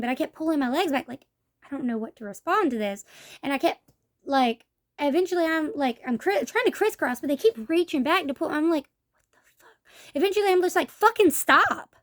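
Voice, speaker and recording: A young woman telling a story in a casual vlog, blunt and profane, acting out what people said to her. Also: sits high. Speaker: vlogger.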